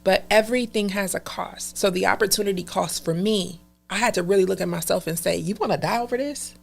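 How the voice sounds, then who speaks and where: A woman's voice: medium pitch, steady tone, fairly quick, creaky, faint music behind. A woman talking as a podcast guest, telling her story in a casual and emphatic way.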